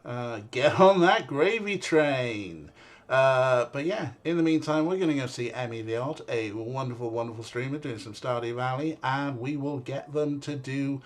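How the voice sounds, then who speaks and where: A man's voice: medium pitch, moderate pace. A man streaming a game, chatting casually and rambling, with frequent fillers and the odd swear word. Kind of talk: casual livestream chat.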